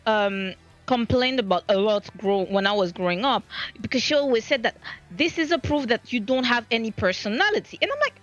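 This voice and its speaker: French caribbean creole accent lady streaming, kinda high voice, bouncy pitch, dull lo-fi audio w faint music behind. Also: lively intonation, a little fast, a bit bright. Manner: rambling, self-deprecating, restarts often. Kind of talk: casual chat.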